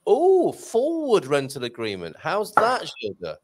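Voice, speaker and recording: Playful male live-stream host, lively pitch. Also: a little slow. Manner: joking, self-mocking, lively banter. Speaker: show host. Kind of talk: live-stream casual chat.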